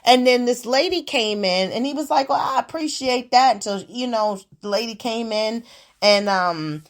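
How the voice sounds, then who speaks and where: A woman hosting her own show, telling everyday stories in a sassy, profane, animated way. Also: a little high, a little slow. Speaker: podcast host. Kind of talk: casual storytelling monologue.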